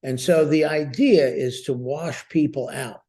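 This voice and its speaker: A man's voice: medium pitch, unhurried. Older man, from the US, in his seventies, storytelling interview guest, chuckles, mid-range voice. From United States. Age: 70s. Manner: lively, chuckling storyteller who repeats words as he goes.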